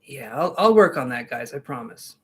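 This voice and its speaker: A man's voice: medium pitch, animated, moderate pace, a bit bright, husky. A man giving tarot readings on a live stream, chatting casually with viewers in a jokey, reassuring way. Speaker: tarot reader.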